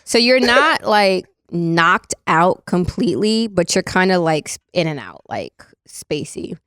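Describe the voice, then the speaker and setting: Blunt laid-back woman podcaster, low-ish voice. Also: sing-song, a little slow, fairly bright tone, clean tone, no room sound, clean studio sound. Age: 30s. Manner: blunt, laid-back storytelling with frequent fillers. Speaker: podcast co-host. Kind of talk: casual podcast chat.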